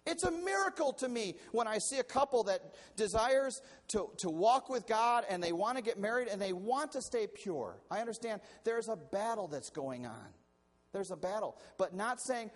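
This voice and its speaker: Animated, lively-pitched male pastor preaching. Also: normal speed. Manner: animated, conversational preaching with frequent restarts. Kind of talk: sermon.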